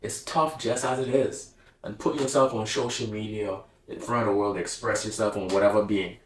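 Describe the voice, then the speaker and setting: A man's voice: lowish voice, steady tone, brisk, roomy sound, a little hiss or hum, poor audio. A man speaking casually to camera in a reflective, heartfelt monologue, slangy and open. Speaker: vlogger.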